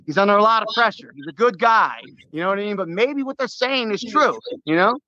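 A middle-aged man from the United States calls in to a sports talk show and tells a rambling, animated story with lots of restarts. His voice sits high and sounds bright and pressing. The line is dry and a little muffled. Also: fairly quick, dry recording. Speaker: caller.

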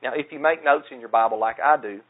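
A man's voice: medium pitch, fast talker. A man with a Southern US accent preaching a sermon as a pastor, in an earnest and plain-spoken way with self-deprecating asides. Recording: tinny phone-like sound.

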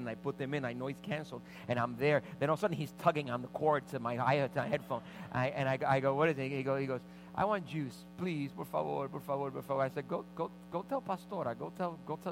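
A middle-aged man preaching as pastor, telling a lively personal story and acting out the voices of the people in it. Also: medium pitch, rough recording. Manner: animated anecdotes with vivid quoted voices. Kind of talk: sermon storytelling.

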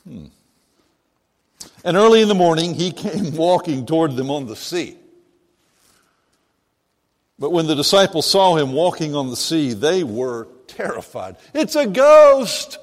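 A man preaching a sermon, talking slowly and deliberately in a slightly higher voice. His words ring out in a church sanctuary with a long, lingering reverb. He reads the scripture first and then explains it in a lively, conversational way. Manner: slow and animated, voicing the disciples and Jesus in quoted lines. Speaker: pastor. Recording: long reverb of a large hall.

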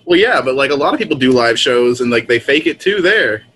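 A man's voice: mid-range voice, expressive, a little fast, fairly bright tone, a little hiss or hum, poor audio. A man in casual comedic chat, laid-back and teasing, speaking over a call. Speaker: co-host. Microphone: call audio.

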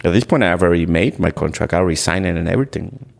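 On a podcast, a guest from Ecuador speaks in a deep, gravelly male voice. His talk is candid conversational storytelling, delivered earnestly and haltingly, with many restarts and plenty of "like."

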